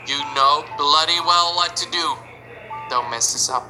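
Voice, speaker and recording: A woman hosting a reaction video, narrating animated shorts with emotional exclamations. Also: low voice, a little slow, faint music behind, low-quality recording.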